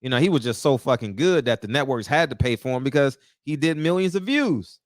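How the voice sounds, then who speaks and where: A man giving an animated, preachy boxing rant, talking straight to the viewers. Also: medium pitch, brisk, no room sound, studio quality. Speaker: boxing commentator. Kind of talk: casual opinion rant.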